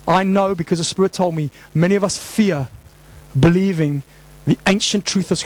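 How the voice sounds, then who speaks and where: A man's voice: on the high side, normal speed, poor audio. A male pastor preaching a sermon to his congregation, emphatic and impassioned, with rhetorical questions. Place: church hall before a congregation.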